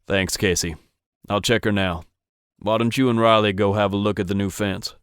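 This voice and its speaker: A man's voice: on the low side, fairly even intonation, moderate pace, fairly bright tone, clean tone, no room sound, studio quality, close to an everyday voice. A man voicing a stern, commanding male ranch boss who gives curt, bossy orders. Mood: calm.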